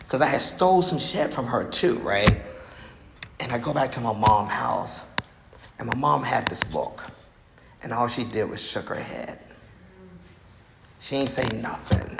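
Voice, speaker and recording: A gravelly-voiced man in his sixties shares his own story at a recovery meeting. He talks frankly and haltingly, often repeating himself. His voice rings through a large hall with long reverb. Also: medium pitch. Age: 60s. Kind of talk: personal recovery testimony. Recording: echoey hall with faint noise.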